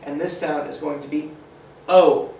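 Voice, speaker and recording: Guy teaching kids phonics, slow and upbeat, sounds far from the mic, faint hum behind. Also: on the high side. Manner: slow, encouraging, sounds out letters. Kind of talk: phonics lesson for children. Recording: echoey room, mic at a distance.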